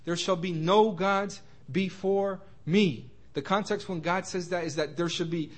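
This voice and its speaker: Halting man preaching a Bible study. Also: high voice, steady tone. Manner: halting, many restarts and repeated words; slows and rises to stress quoted scripture. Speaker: Bible teacher. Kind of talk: informal Bible study sermon.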